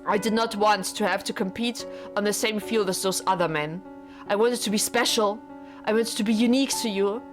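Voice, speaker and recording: An earnest, formal young husband pleads with his wife in stiff old-fashioned phrases, as a woman reads him aloud. His voice sits at a middling pitch. Game music plays clearly beneath the visual novel dialogue. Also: brisk, close to an everyday voice. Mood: pleading.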